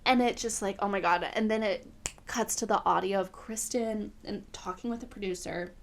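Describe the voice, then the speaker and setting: A woman's voice: mid-range voice, normal speed, creaky. A woman hosting a podcast, recapping TV in casual, opinionated chat full of fillers. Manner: chatty, filler-heavy, opinionated. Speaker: podcast host.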